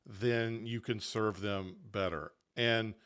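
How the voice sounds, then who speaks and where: A man's voice: fairly low pitch, steady tone, takes it slowly, a bit bright, clear, resonant tone. Earnest man explaining on a podcast. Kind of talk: casual podcast discussion.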